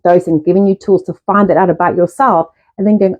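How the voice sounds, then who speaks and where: A woman's voice: fairly low pitch, fairly even intonation, fairly quick, darkish tone, muffled recording. A woman in her forties hosting a live stream, rambling and swearing in a casual rant from home. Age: 40s. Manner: rambling and profane, acting out her own reactions. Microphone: phone or laptop mic, live stream.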